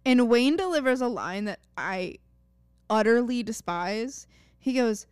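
A young woman co-hosts a show recap podcast, blunt and sarcastic, swearing freely. Her voice is high and smooth. The sound is close and dry. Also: lively intonation, slow pace, darkish tone, no echo. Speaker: podcast co-host. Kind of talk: casual recap chat.

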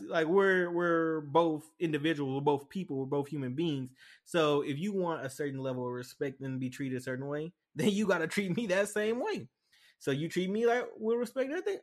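A young man in casual chat, telling a story bluntly and acting out the voices he quotes. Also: fairly high pitch. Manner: animated, acts out quoted voices; blunt, frank.

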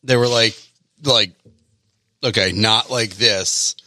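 A man's voice: lowish voice, steady tone, slow pace, sharp tone, dry recording, studio quality. A man co-hosting a podcast in casual banter, laughing often and trailing off mid-sentence. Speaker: podcast co-host.

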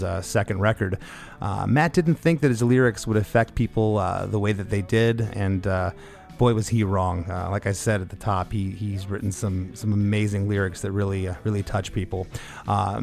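A fairly low-voiced man hosting a podcast and setting up an episode. He talks loosely, stopping and starting with plenty of fillers, and is warmly enthusiastic about the guest. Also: vocal fry. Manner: loose, many "uh" fillers, warm praise. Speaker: podcast host. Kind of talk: casual spoken intro.

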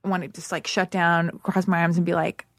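A woman's voice: lowish voice, little pitch movement, fairly quick, no echo, studio quality. Candid, swearing woman podcast host. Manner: candid, emotional, swearing, many restarts. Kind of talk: casual podcast conversation. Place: Los Angeles.

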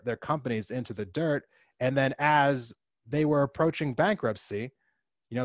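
A man's voice: mid-range voice, no room sound. Male commentator, passionate opinion monologue, filler-heavy, emphatic peaks, dull dry recording. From United States. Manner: impassioned, rising to emphatic outbursts; frequent fillers like "you know" and "like". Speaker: political commentator.

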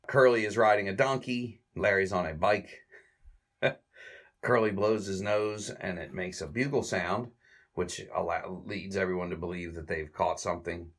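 Low-voiced man casually recapping a comedy. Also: fairly even intonation, fairly bright tone. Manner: halting, loose retelling with restarts and chuckles. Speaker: film reviewer recapping a classic comedy short.

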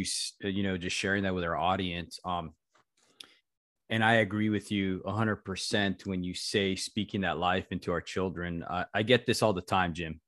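A man hosting a podcast interview who talks in a soft, affirming way and stretches out his phrases. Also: low voice, dry recording, studio quality. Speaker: podcast host. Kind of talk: casual interview chat.

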